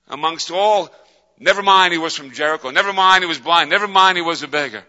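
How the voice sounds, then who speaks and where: Impassioned preacher in an echoing hall. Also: male voice, fairly high pitch, expressive, normal speed. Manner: impassioned, repetitive, swings from hushed to loud cries. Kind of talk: sermon. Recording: dull sound with long reverb in a large hall.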